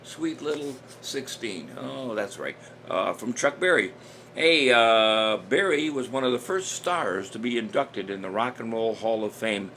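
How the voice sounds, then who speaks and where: A man's voice: mid-range voice, animated, measured pace, sharp tone, a little hiss or hum. An older man casually hosting a live-stream trivia show, chatty and jokey, chuckling at his own jokes. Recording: music playing under the voice.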